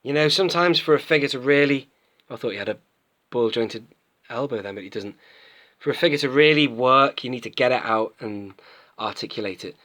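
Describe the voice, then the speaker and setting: Sharp in tone and medium in pitch, this man talks a little fast. He's a late-thirties British toy collector vlogging casually, rambling with enthusiasm as he unboxes and reviews his toys.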